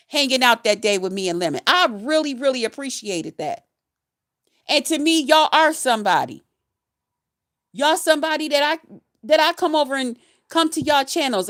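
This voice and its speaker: A woman's voice: high voice, a bit bright. A woman who works as a nurse, ranting to her viewers in a heated, emphatic way, cussing and hurling insults throughout. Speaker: nurse and vlogger. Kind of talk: angry profane rant to camera.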